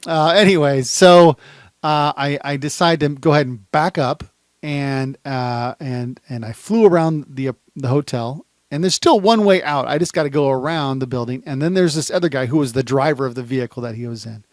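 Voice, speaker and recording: A man, a private investigator, telling a story in a lively, dramatic way and acting out the shouted lines in a high voice. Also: moderate pace, no room sound, clean studio sound. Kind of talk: animated storytelling, reenacting events. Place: indoors, standing.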